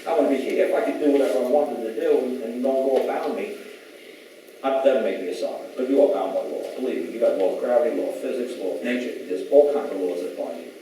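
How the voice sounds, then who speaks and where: A man's voice: mid-range voice, fast talker, warm tone. A man giving an emphatic storytelling talk to a live audience. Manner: emphatic, retells exchanges in quoted voices. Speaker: speaker at a public talk. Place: large echoey event hall. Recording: echoey hall from far off, faint hiss.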